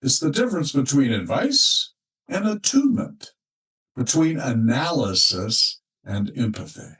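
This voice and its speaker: A man working as a relationship counselor, speaking in a slow, measured, reflective monologue with thoughtful pauses. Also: mid-range voice, sing-song, a bit bright, far from the mic, poor audio.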